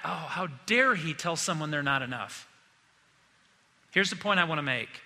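A man preaching a sermon as pastor, telling stories in a lively, joking way. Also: a little high, moderate pace, long reverb tail.

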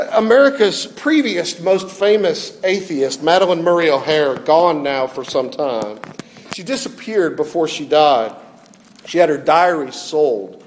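Pastor guy preaching, kinda high voice, lots of hall reverb, gets fired up. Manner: emphatic, repeats questions, rising to fervor. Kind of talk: sermon.

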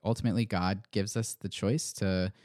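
A man's voice: lowish voice, steady tone, normal speed, darkish tone, dry recording, clean studio sound. A man hosting a church podcast, talking in a casual, musing way with lots of fillers and restarts. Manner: thoughtful, rambling, many fillers and restarts. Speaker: pastor, podcast host. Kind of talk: casual chat.

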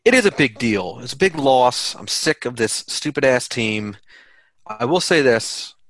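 A man's voice: medium pitch, a little slow, fairly bright tone, dry recording, low-quality recording. A man who produces the show and joins in the comedy banter, blunt and grumbling.

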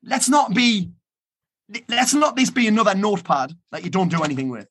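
A man's voice: high-pitched, very animated, brisk, fairly bright tone, breathy edge. A man giving a blunt, profane motivational talk to an online summit. He repeats key phrases for emphasis. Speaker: motivational speaker.

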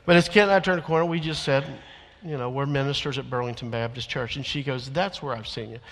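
A man preaching a sermon as a church minister, earnest, rising to loud emphatic lines and dropping to quiet confessional ones. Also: mid-range voice, steady tone, fast. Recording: long church reverb.

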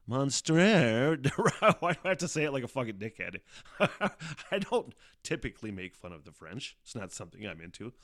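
A man's voice: fairly low pitch, fairly bright tone. A middle-aged man hosting a podcast, rambling casually, swearing a lot and laughing often. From Northern Michigan. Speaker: podcast host. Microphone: studio microphone.

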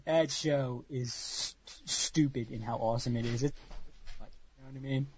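A man on a casual podcast, ranting in a profane, over-the-top comic way, lurching from loud excitement to hushed mock-solemn lines. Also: mid-range voice, a little slow, slightly rough, no room sound. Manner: wild swings from shouting to hushed mock-solemn tones. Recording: dull lo-fi recording.

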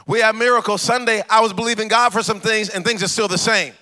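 A man's voice: sits high, steady tone, fast talker, pushed and bright. A man preaching a sermon as pastor, repeating questions rhythmically and adding humorous asides.

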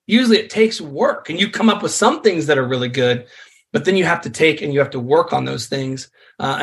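Man, songwriter guest, high voice, conversational teaching, energetic. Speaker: songwriter and worship leader guest. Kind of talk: explaining songwriting technique in conversation.

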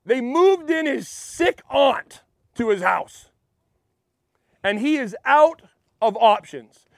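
A man pastor preaching in an animated, conversational way, often restarting his sentences. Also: very high-pitched, takes it slowly, creaky, no room sound, clean studio sound. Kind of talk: sermon.

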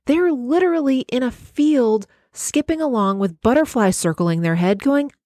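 A woman's voice: high-pitched, animated, moderate pace, warm tone, no room sound, studio quality. A woman who works in healthcare, hosting a solo podcast in an emphatic, heartfelt, conversational way. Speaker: podcast host and healthcare worker.

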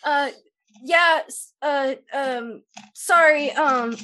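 A woman's voice: high voice, very slow, bright, forceful tone. A woman playing a tabletop role-playing game, talking in a hesitant, rambling way with many fillers. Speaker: player. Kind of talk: in-character tabletop play.

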